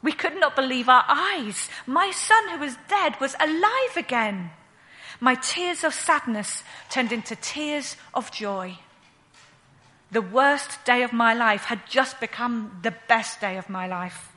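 A woman playing a grieving widowed mother, telling her story in a slow, earnest first-person monologue. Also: fairly high pitch, animated, pushed and bright, heavily acted. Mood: joyful.

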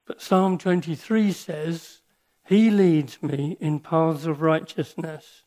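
An older man giving a sermon with personal stories, speaking in an earnest, reflective way with pauses and restarts. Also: on the high side, steady tone, mellow.

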